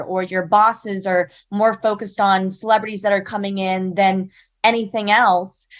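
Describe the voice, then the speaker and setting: Earnest young woman telling her story. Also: medium pitch. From South Carolina. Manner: earnest, chatty, frequent "like" and "you know". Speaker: podcast guest, speaker. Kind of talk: casual storytelling in an interview.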